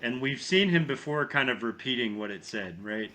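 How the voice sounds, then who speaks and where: Recapping a horror movie one scene at a time, this male podcast co-host curses freely and acts out what the characters say. He speaks at normal speed in a bright, forceful, middling-pitched voice, with a faint hiss or hum in the audio. It feels relaxed, like talking things over with a friend.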